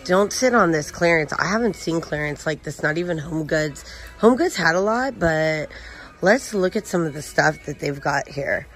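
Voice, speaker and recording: Soft music plays behind a woman with a deep, animated voice as she narrates a relaxed shopping walkthrough at a moderate pace. Moving through a large retail store, the vlogger chats and calls out prices and labels.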